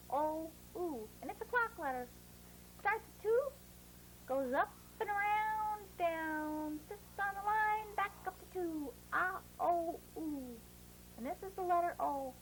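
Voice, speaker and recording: A woman teaching children letter sounds in a phonics lesson, drawing each sound out slowly and coaxing them along. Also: very high voice, fairly bright tone, slight background noise, poor audio.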